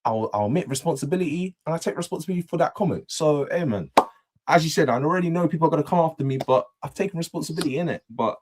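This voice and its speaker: A man's voice: a little high, very fast, background noise. A young man, chatting animatedly as a panelist on a football fan show, repeating phrases as he talks. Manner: animated, repeats himself, self-deprecating. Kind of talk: casual football fan chat.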